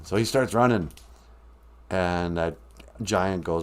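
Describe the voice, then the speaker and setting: A man's voice: deep voice, measured pace, pauses often. A man hosting a podcast, telling a comic fairy tale in a rambling, jokey way. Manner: rambling, jokey, laughs at own story. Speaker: podcast host. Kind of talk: comic storytelling.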